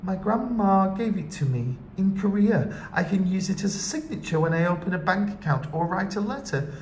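Man putting on shy young girl, high gentle voice, storybook, echoey room. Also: lively intonation, normal speed, slight background noise. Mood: earnest. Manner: soft, raised pitch girl voice. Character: shy young Korean girl, new to America.

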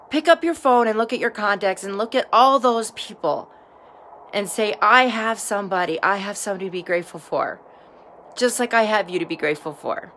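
Woman vlogging outside on her phone, bright clear voice, earnest and encouraging, bit of outdoor hiss. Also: fairly high pitch. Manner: earnest, encouraging, talks to viewers directly. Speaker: vlogger sharing daily gratitude. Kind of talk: casual heartfelt self-filmed talk.

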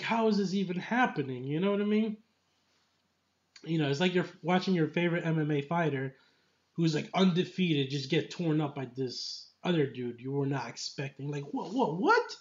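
A man giving a casual spoken film review, excitable and emotional, filling his talk with "like" and "you know.". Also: fairly high pitch. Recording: dull lo-fi recording.

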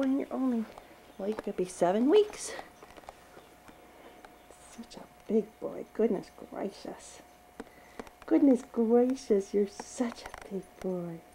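A woman's voice: fairly high pitch, warm tone, a little hiss or hum, low-quality recording. A mother filming her baby at home, talking to him in a cooing, teasing, sing-song baby voice. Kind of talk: baby talk to an infant. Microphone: handheld home video camera.

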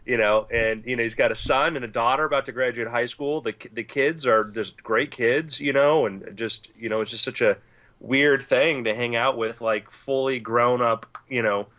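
Bright-voiced man rambling through a story. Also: mid-range voice, moderate pace. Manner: rambling, laid-back storyteller. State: itchy eyes from allergies. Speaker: podcast co-host. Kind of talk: casual storytelling.

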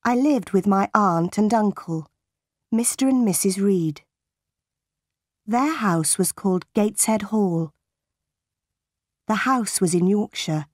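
A woman narrating a simplified storybook for English learners, reading clearly and carefully. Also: mid-range voice, darkish tone, dry recording, studio quality. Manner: slow, clear and carefully paced.

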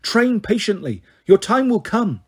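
A man voicing a wise old centaur mentor from a storybook, measured and firm, a touch husky and pitched a bit above his plain reading voice, patient but insistent. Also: very animated, full character voice. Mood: grave, gentle. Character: wise patient male centaur teacher, grave and kindly. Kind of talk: audiobook character reading.

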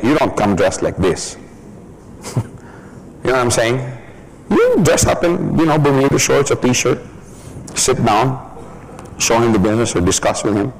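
A man's voice: medium pitch, animated, normal speed, a little hiss or hum, rough recording. Joking casual male business trainer. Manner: casual, joking, laughs often, many "you know". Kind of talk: training seminar talk.

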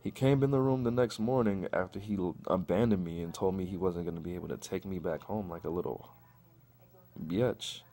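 A man's voice: deep voice, fairly quick. A young man telling a crude personal story in a profane vlog rant, acting out what people said. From Chicago. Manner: profane, animated, acts out quotes. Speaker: vlogger.

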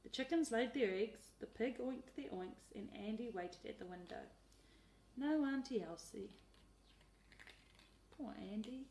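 A woman teacher reading a picture book aloud in a lively, expressive way. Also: fairly high pitch, measured pace, vocal fry, long pauses, slight background noise. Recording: roomy echo.

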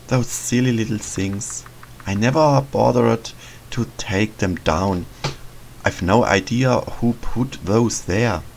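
A man reads a kindly, lonely witch who longs for a child to look after. Her voice sits low and gravelly. She speaks slowly and gently, and her pitch swings up and down. A faint hiss sits behind her. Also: low-quality recording. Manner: soft, motherly, hesitant, sighing. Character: lonely, gentle female forest witch, middle-aged. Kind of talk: reading game dialogue aloud in a let's play.

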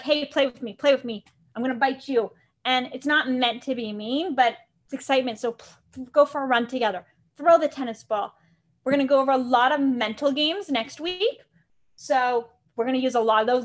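This is a young adult woman teaching dog training in a live online class. Her voice sits high, and she explains each step in a chatty, upbeat way.

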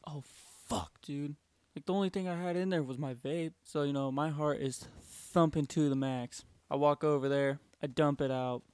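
Young guy doing a storytime vid, lots of like and dude and swearing, smooth clear voice, dry close mic. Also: medium pitch, darkish tone, no echo. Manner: slangy, profane, keeps saying like and dude. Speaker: vlogger. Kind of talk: casual storytime.

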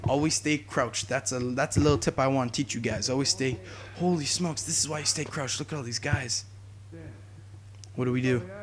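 A young man giving jokey, excitable commentary while playing a video game, talking to his viewers and yelling at enemies. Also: medium pitch, a little fast. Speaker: gaming YouTuber. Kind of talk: let's play commentary.

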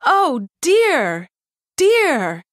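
A woman's voice: high-pitched, huge pitch swings, drawn-out words, clean studio sound, pitched above the performer's own voice, heavily acted. A woman voicing a fretful female toy karaoke microphone that keeps repeating her words in an echoing stutter. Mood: distressed.

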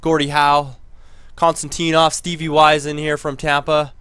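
A man giving casual commentary over a hockey video game he is playing, muttering low between plays and getting louder when he cheers. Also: little pitch movement, moderate pace, clean tone. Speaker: gaming commentator.

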